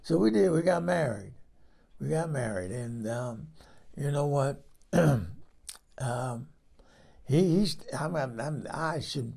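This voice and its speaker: Comic character: a man playing a gravelly, rambling 78-year-old woman, folksy and sassy. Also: mid-range voice, a little mellow. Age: 78 (figure). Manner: folksy, salty, rambling storyteller with many restarts. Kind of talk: comedic character monologue.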